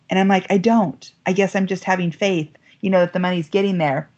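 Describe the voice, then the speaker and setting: Woman, American, middle-aged, guest, animated storytelling, dull lo-fi audio. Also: a little fast, hardly any pauses. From United States. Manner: lively, quotes voices with big pitch jumps.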